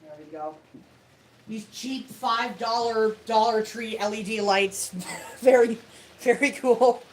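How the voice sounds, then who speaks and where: A woman's voice: fairly high pitch, takes it slowly, low-quality recording. A woman hosting a casual livestream from a home tabletop setup, self-deprecating and chuckling often. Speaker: host of a toy robot fight livestream.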